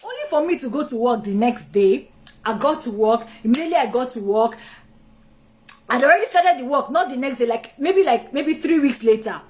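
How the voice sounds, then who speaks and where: Chatty woman host telling a story, pitched high. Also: moderate pace. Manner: animated and chatty, greets viewers mid-story; talkative, with many asides and restarts. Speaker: live-stream host. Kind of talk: personal storytelling on a live stream.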